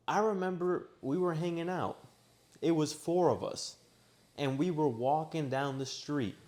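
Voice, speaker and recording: Young male vlogger, casual storytelling, animated delivery. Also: fairly high pitch. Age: young adult. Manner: animated, acts out his own shouting in quoted lines. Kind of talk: personal storytelling. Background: washing machine running.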